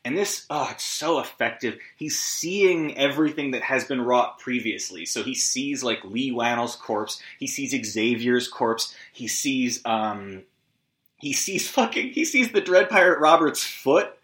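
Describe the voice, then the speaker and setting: A man's voice: medium pitch, expressive, a little slow, a bit bright. A man hosting a solo movie recap podcast, rambling and scattered, swearing often and making self-deprecating asides, on a lo-fi recording. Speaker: podcast host. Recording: lo-fi echoey room.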